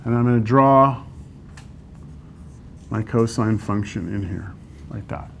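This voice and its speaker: Fairly low-pitched with vocal fry, this man takes his time teaching a math class, working problems and quizzing students. His manner is coaxing, peppered with "right?", and there's slight background noise.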